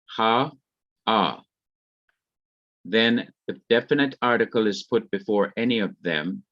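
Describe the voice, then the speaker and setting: A man lectures on grammar at a slow, measured pace, spelling out terms and repeating each example. His voice sits fairly low. The recording is dull and lo-fi, with a dry, close sound. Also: a bit bright, no room sound. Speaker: Hebrew teacher.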